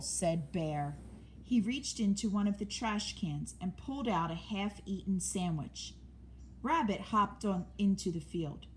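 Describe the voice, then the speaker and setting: A woman reading a children's story aloud in a gentle, expressive way. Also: medium pitch, measured pace, a little hiss or hum.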